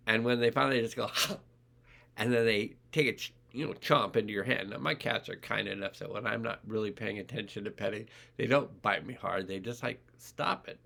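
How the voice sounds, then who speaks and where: A man's voice: fairly low pitch, gravelly, pushed and bright. A man, a life coach, talking casually to camera about emotions, rambling with restarts and acting out inner voices. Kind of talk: casual self-help video talk.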